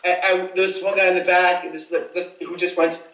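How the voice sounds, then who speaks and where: A man hosting a casual movie chat, talking with excitement and tripping into restarts. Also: sits high, normal speed, slight background noise. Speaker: podcast host. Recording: roomy echo, mic far off.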